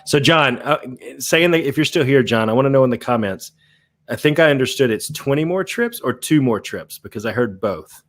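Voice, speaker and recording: A man's voice: medium pitch, animated, moderate pace, fairly bright tone. A man co-hosting a podcast, chatting casually and laughing often, addressing viewers directly. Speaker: podcast co-host. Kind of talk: casual chat.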